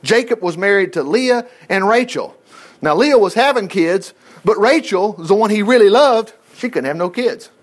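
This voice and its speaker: A middle-aged man preaching a sermon as pastor, telling stories in a folksy, animated way with chuckled asides. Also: high-pitched, normal speed.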